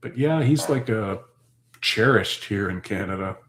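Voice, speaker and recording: A man's voice: fairly low pitch, animated, measured pace, a bit bright, reverberant. A man hosting his homestead channel, chatting casually and answering viewers' comments in a rambling, thinking-aloud way.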